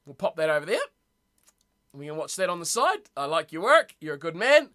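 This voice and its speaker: A young man rambles and reacts aloud to his chat, excitable and chatty. His voice sits high and sounds bright and lively. He talks casually, like a live streamer at home. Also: brisk. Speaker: streamer hosting a rugby watch party. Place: home room.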